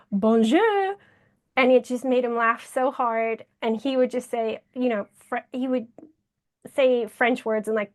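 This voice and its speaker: Woman, 30, author guest on a call; chatty, filler-heavy, slightly high voice. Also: gravelly. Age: 30s. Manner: chatty, quick laughs, many fillers. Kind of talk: casual interview conversation.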